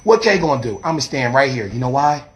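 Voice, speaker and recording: A man's voice: mid-range voice, sing-song, slight background noise. Defensive man arguing outdoors. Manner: fast, defensive, rambling, repeats himself. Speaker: street preacher. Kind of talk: heated confrontational street talk. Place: outdoors near a church. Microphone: handheld phone camera.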